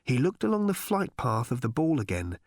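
A man reading an audiobook aloud as narrator, in a wry, measured storytelling manner, recorded in a studio. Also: mid-range voice, big pitch swings, dry recording. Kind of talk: scripted narration.

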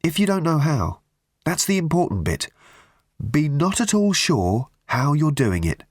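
A man's voice: mid-range voice, sing-song, moderate pace, a bit bright, dry recording, studio quality, voice pushed up. A man voicing an eager young man who coaxes and urges someone along. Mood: coaxing. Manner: eager, coaxing.

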